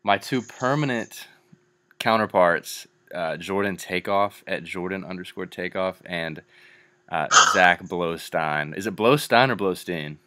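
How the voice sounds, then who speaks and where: A man's voice: low voice, measured pace, bright, forceful tone, a little hiss or hum. A young man hosting a casual podcast, laid-back and joking. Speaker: podcast host.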